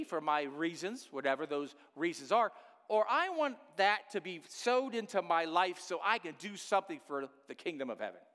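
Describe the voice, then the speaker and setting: A man preaching a sermon as pastor, repeating key phrases with animated delivery. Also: high voice, in a large hall.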